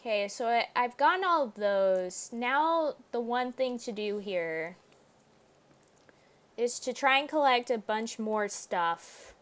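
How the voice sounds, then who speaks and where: A woman hosting a gaming video, chatting through her playthrough, laughing often and bursting into loud exclamations. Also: a little high, lively intonation, takes it slowly. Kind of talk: let's play commentary.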